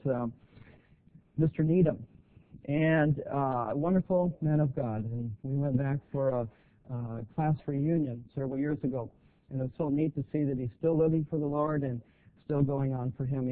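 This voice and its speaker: A middle-aged man preaching a sermon, halting, with many fillers and rising emphasis. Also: mid-range voice, fairly even intonation. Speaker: guest preacher. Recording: tinny phone-like sound.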